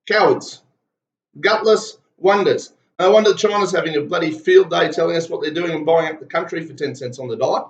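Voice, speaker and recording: A man's voice: on the high side, fairly quick. Blunt ranting Australian man, roomy lo-fi sound. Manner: blunt, heated and profane. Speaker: political commentator. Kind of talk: ranting political commentary.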